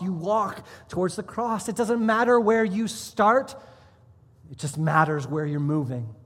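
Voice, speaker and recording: A man's voice: fairly high pitch, a bit bright, slightly rough, big-room sound. A man serving as pastor, preaching a sermon in a church with emphatic rises and drops in his delivery. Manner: emphatic, rising and dropping for emphasis. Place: church sanctuary.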